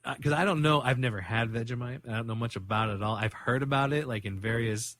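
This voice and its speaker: A man's voice: medium pitch, fast talker, no echo. A man co-hosting a podcast, recapping a TV episode in a joking way with lots of casual fillers. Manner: animated, joking, heavy on fillers like "you know". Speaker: podcast co-host.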